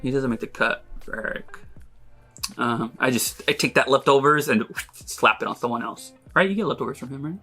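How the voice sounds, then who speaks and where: A man's voice: medium pitch, a little fast, bright, forceful tone, husky, faint music behind. A man co-hosting a podcast in casual chat, with a hesitant, self-conscious but playful way of talking. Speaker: podcast co-host.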